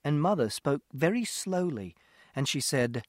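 A man narrating an audiobook in the first person, in a plain, literal, steady way with many exact details. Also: fairly high pitch, unhurried, no room sound, studio quality.

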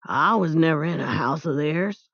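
A woman's voice: deep voice, moderate pace, creaky, fairly bright tone, no echo, full character voice. A woman voicing a grizzled, shy old man who works at a park, talking hesitantly with folksy, ungrammatical speech, in a dull, dry recording. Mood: puzzled.

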